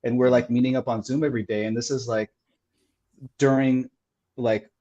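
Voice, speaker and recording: A man's voice: mid-range voice, level tone, moderate pace, warm tone, highs cut off. A man who is a TV writer, a guest on a podcast, talking over a call in a rambling way and saying "like" over and over. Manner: rambling, heavy use of "like". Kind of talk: casual interview chat.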